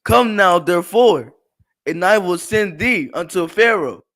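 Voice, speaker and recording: A man reads Bible verses aloud for the class in a slow, measured recitation. His voice is notably high for a man. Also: lively intonation, a bit bright. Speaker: scripture reader in class.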